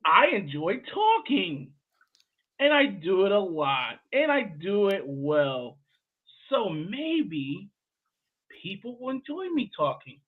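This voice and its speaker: High, lively, bright-voiced male host. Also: slow pace, phone-quality sound. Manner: playful hype-man, slangy storytelling. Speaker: livestream show host. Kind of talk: casual hype chat.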